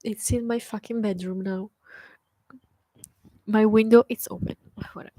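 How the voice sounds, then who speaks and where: A woman's voice: medium pitch, fairly even intonation, normal speed, mellow, dry recording, poor audio. A young adult woman hosting a solo podcast, ranting bluntly and scornfully with heavy profanity and emphatic repetition. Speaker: podcast host. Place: bedroom with an open window.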